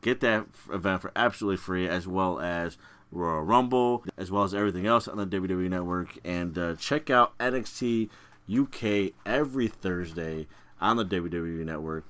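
A man's voice: low-pitched, moderate pace, a bit bright. A man co-hosting a podcast in casual chat, easygoing as he plugs an upcoming event and a web address. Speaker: podcast co-host. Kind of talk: casual chat with a promo plug.

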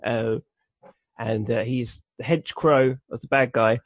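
A man's voice: medium pitch, fairly even intonation, slow pace, no echo. A man co-hosting a podcast, explaining a cartoon in a rambling, enthusiastic way. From United Kingdom. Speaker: podcast co-host. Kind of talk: casual chat. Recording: dull dry lo-fi recording.

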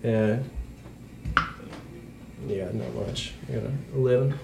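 A man playing a tabletop game, speaking in a measured, plain way. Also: mid-range voice, fairly even intonation, vocal fry, mellow. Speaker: player. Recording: echoey room, faint noise.

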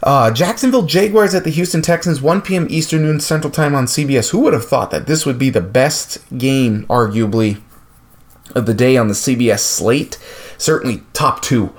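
A man's voice: medium pitch, moderate pace. A man hosting a sports podcast, running through game picks with frequent fillers and restarts. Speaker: podcast host.

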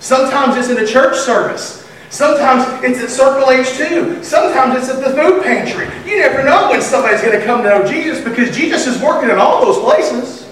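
Man, pastor, high voice, sermon, humorous and lively, excited shouts, echoey church, distant mic. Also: fairly quick, few pauses. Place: church sanctuary.

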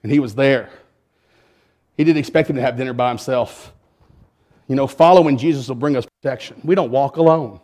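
A male preacher telling a story in a sermon. He speaks emphatically and swings between loud and hushed. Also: medium pitch, fairly quick, long pauses.

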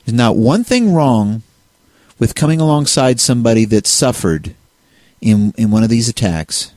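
A man's voice: mid-range voice, lively intonation, normal speed, darkish tone, dry recording. A man co-hosting a casual discussion on faith, talking in a rambling way with many restarts and fillers. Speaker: co-host.

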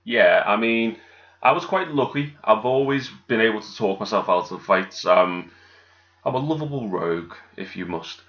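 A cheeky man with a Merseyside accent spins jokey anecdotes in a low-pitched voice. The recording sounds muffled and lo-fi. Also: animated, normal speed, a bit bright. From Birkenhead, England. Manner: cheeky, jokey, acts out quotes in a raised voice. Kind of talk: casual storytelling chat. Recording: dull lo-fi sound.

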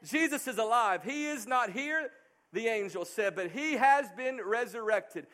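A man's voice: very high voice, expressive, unhurried, fairly bright tone. A middle-aged male pastor preaching a sermon, earnest and emphatic.

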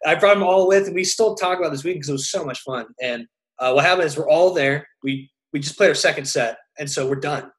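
A man's voice: fairly high pitch, quick pace, rough recording. A young man, a touring musician, chatting casually and telling stories in a loose, rambling way with many restarts. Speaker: touring musician, podcast co-host. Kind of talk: casual chat.

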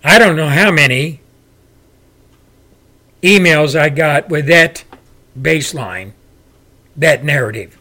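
Male host, forceful ranter, slightly high voice. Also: lively intonation, takes it slowly, long pauses. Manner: loud, forceful, ranting delivery. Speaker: show host. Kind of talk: political commentary monologue.

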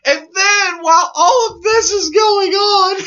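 A man on a casual podcast, animated, laughing often and acting out quotes in a loud voice. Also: very high-pitched, slow pace, dull audio. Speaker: podcast co-host. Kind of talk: excited casual wrestling chat.

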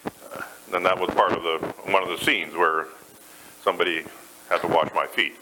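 A man's voice: low voice, fairly even intonation, normal speed, noisy background. A man preaching a sermon to a church, talking conversationally and putting questions to the congregation. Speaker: pastor.

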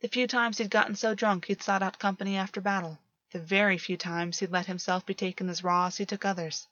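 A woman narrating a romance story in a steady, measured reading voice. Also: mid-range voice, no room sound. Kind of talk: audiobook reading of fan fiction. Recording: dull lo-fi, dry.

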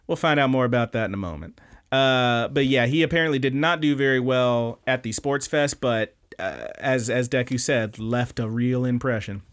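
A man hosting a podcast, casually recapping anime episodes with animated, profane storytelling. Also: mid-range voice, normal speed, smooth. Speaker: podcast host.

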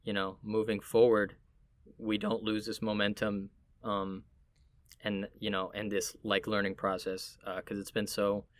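A man from Puerto Rico in casual conversation, chatty and quick to laugh as he tells stories. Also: fairly low pitch, no echo. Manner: chatty, animated storytelling, laughs easily.

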